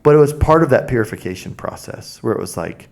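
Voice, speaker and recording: A man's voice: mid-range voice, fast talker, gravelly. A young man co-hosting a podcast, speaking bluntly and candidly in a casual chat about faith. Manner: candid, blunt, animated storytelling. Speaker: podcast co-host.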